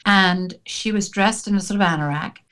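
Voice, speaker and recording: A woman co-hosting a casual chat, telling stories in an animated way and laughing often. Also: medium pitch, normal speed. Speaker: co-host.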